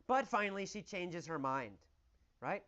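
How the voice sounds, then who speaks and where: A man teaching English through a story, asking questions and answering them in an animated, exaggerated way. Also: sits high, unhurried, muffled recording.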